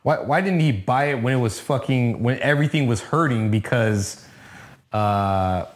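A man's voice: mid-range voice, animated, normal speed. A man co-hosting a podcast in casual chat, blunt, opinionated and profane. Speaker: podcast co-host.

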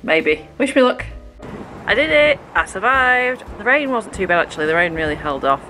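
A woman's voice: fairly low pitch, animated, a little fast, bright, forceful tone. British woman vlogger, casual home-vlog chatter to camera, faint background music. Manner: chatty, talking straight to viewers.

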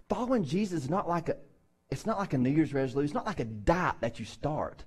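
A man's voice: on the high side, animated, fast talker, breathy edge. A man pastor preaching a sermon in a conversational way, acting out the people in Bible stories with voices.

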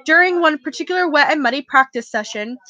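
A woman reading a novel aloud at a steady pace, correcting her own slips as she goes. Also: high voice, quick pace. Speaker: reader.

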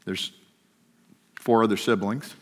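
A middle-aged man telling a personal story during a sermon, shifting between lively and hushed. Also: fairly low pitch, slow. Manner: storytelling, swings from animated to hushed. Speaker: guest speaker. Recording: long hall reverb.

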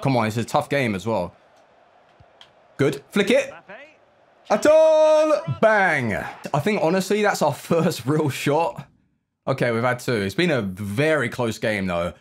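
A young man talks through a football video game match as he plays it. His voice swoops up and down with lively swings, sitting at a middling pitch. He is excitable, groaning at misses and shouting at the referee. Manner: excitable, reacting out loud to each play. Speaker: gaming YouTuber. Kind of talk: live gameplay commentary.

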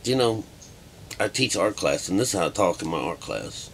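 Rambling, deep-voiced man, swearing freely. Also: expressive, moderate pace, a bit bright, slight background noise. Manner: rambling, profane, with many fillers. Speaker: vlogger and art teacher. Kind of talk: rambling casual monologue.

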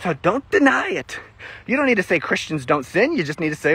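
A man giving a casual, animated Bible teaching during a walk-and-talk, laughing often and getting emotional. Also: high voice, fairly quick, breathy edge. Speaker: Christian ministry teacher.

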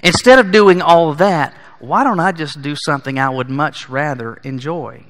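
A man preaching a sermon, emphatic and building to forceful peaks. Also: fairly high pitch, moderate pace. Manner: emphatic, rising to forceful peaks on key lines. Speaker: pastor. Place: church sanctuary. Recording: long church hall reverb.

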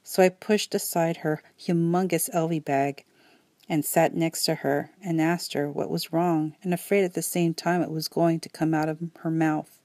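A woman reading a first-person story aloud as an audiobook narrator, in a calm, steady way. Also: sits low, moderate pace, dry recording.

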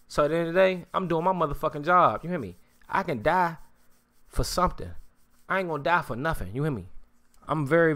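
A man's voice: fairly high pitch, fairly bright tone, no echo. A man ranting on a live stream in casual street slang, swearing often and repeating "you hear me". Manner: repetitive, keeps saying "you hear me", swears freely; slang-heavy street talk.

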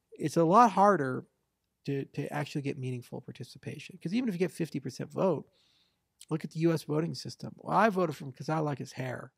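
A man's voice: a little high, gravelly, husky, no room sound, clean studio sound. A man giving a confident, discursive interview answer in a casual tone, sometimes mimicking other people to make his point. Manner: fast, confident, discursive, mimics voters for effect. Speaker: interview guest, blockchain founder.

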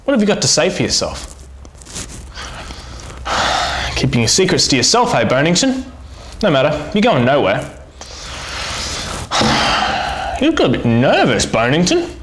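A man's voice: fairly high pitch, huge pitch swings, unhurried, pauses often, fairly bright tone, heavily acted. An actor playing a blustering policeman who grills a silent suspect in a mock-tough, theatrical way. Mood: stern. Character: blustering male cop interrogating a silent suspect. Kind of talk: comedy web-series acting. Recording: echoey room with faint noise.

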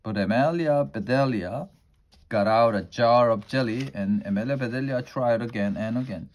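A man reading a children's storybook aloud in a plain, unhurried way, slowing down for effect. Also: mid-range voice. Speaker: storybook reader.

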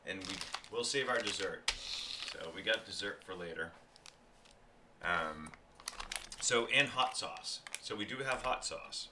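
A man's voice: low voice, very noisy. A man casually reviewing food on a stream, rambling and chatty, often talking while he chews.

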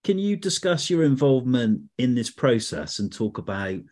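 A man hosting an interview, asking a guest questions in a measured, formal way. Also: mid-range voice, sing-song, darkish tone. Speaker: podcast host.

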